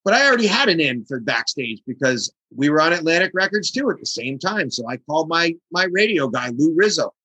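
Bright, husky-voiced man telling a story. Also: on the high side, a little fast, hardly any pauses, no echo, rough recording. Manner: animated storyteller acting out quoted voices. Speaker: guest drummer. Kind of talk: casual interview storytelling.

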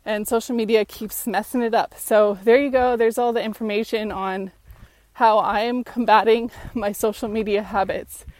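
A woman's voice: a little high, fairly even intonation, moderate pace, darkish tone, no room sound. A woman talking casually and frankly on her own channel, rambling and correcting herself as she goes, a little out of breath. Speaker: vlogger. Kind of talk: casual chat.

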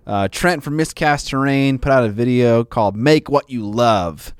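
A man's voice: mid-range voice, normal speed, smooth, dry recording, clean studio sound. A man co-hosting a podcast in casual chat, rambling and jokey, with lots of fillers. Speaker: podcast co-host.

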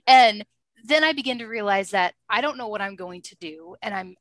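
A woman telling a personal story in a casual interview, chatty and animated, often laughing. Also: mid-range voice, normal speed, no room sound. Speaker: interview guest.

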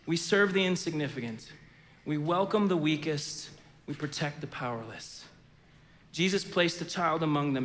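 A man preaching in a big hall with long reverb, his voice high and bright for a man. He tells a story, then teaches, swinging from loud bursts down to hushed, low lines. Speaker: pastor. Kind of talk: sermon.

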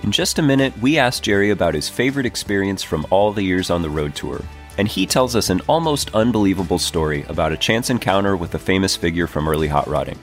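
Deep-voiced man hosting a podcast. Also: lively intonation, fast, few pauses, faint music behind. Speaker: podcast host. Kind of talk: scripted podcast promo read.

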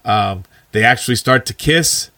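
Male podcast co-host, bright crisp voice, eager casual chatter, dry close sound. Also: medium pitch, normal speed, dry recording. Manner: enthusiastic, laughs often, restarts words. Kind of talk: casual chat reviewing a sitcom episode.

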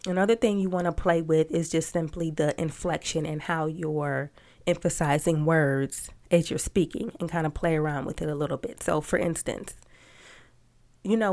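Woman, slightly low pitch, conversational storytelling coach with playful emphasis. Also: a little mellow. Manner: conversational, often adds "right?"; plays with emphasis and inflection. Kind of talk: podcast teaching talk.

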